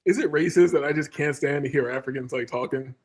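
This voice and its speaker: A man's voice: on the high side, quick pace. A man hosting a casual podcast, talking in a loose, slangy way full of fillers. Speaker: podcast host. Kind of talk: casual chat.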